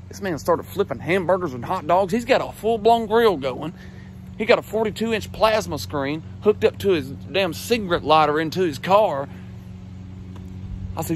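A man telling a crude comic story in a brash, profane, excited way. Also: high-pitched, moderate pace, a little hiss or hum. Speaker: comedian.

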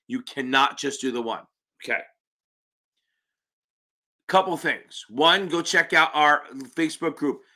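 A man's voice: on the high side, animated, unhurried, long pauses, sharp tone. A man hosting a live-stream Q&A as an exam prep tutor, talking in a brash, profane and blunt way, with emphatic interjections.

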